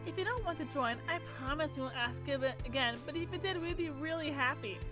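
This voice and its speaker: A woman's voice: brisk, music in the background, natural voice. A woman voicing a cheerful, exuberant teenage schoolgirl while reading a visual novel aloud. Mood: coaxing. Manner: high, sing-song and exuberant.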